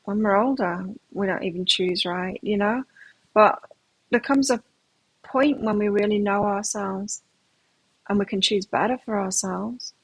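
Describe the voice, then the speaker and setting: A woman's voice: medium pitch, steady tone, measured pace, breathy edge, no echo, low-quality recording. A middle-aged woman giving a live tarot reading, chatty and rambling, often restarting her sentences. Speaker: tarot reader.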